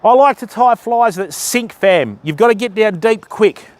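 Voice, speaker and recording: A man's voice: high voice, expressive, normal speed, a little mellow. An Australian man hosting a live fishing stream outdoors, chatting and joking with his viewers while he casts. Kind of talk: casual live-stream chat.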